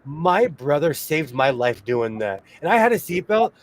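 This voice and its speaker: A talkative man with a voice sitting a little high for a man chats casually as co-host. He laughs easily as he tells his stories, over a faint hiss of background noise. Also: sing-song, normal speed. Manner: chatty, laughs often while telling stories. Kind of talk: casual chat.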